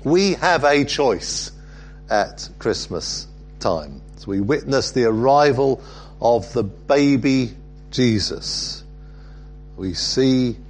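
A man preaching a sermon, reflective and halting, with frequent fillers. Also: fairly low pitch.

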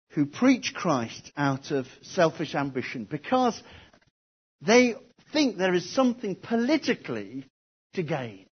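A man's voice: a little high, husky. A man preaching an expository sermon, posing rhetorical questions and repeating key phrases. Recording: dull lo-fi recording.

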